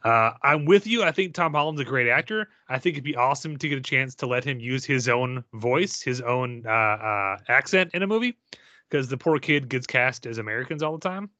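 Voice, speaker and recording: An opinionated man co-hosting a casual podcast chat. His voice is bright and forward, recorded very dry and close. He slips into playful mock rants. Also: mid-range voice, expressive, fairly quick, dry recording. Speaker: podcast co-host.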